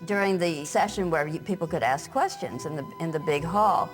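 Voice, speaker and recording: A woman with a low voice recounts events in a documentary interview. She is wry and matter-of-fact. Faint music plays behind her. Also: normal speed, rough recording.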